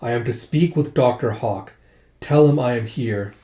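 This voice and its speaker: A man's voice: medium pitch, moderate pace, mellow, reverberant, lightly acted. A man reading a formal, terse young female envoy with clipped speech.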